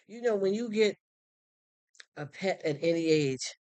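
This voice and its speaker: A live streamer in casual chat who talks in a warm, rambling, heartfelt way with many restarts. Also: mid-range voice, animated, unhurried, clean tone, dry recording. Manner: greets chat viewers by name and thanks them. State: choked up, near tears.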